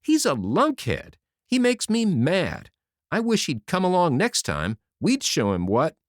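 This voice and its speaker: A man's voice: medium pitch, big pitch swings, normal speed, no echo, studio quality, pitched above the performer's own voice, natural voice. A man voicing a young male soldier who talks in folksy slang. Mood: exasperated. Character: young male soldier, calm then fed up.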